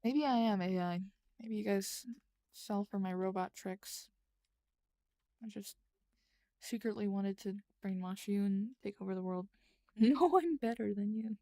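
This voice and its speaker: A woman's voice: mid-range voice, a little slow, long pauses, warm tone, dry recording, studio quality. A woman streamer chatting casually with her viewers late at night, rambling and thinking aloud as she writes. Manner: rambling, thinks aloud while typing, answers chat. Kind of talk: casual live-stream chat while writing.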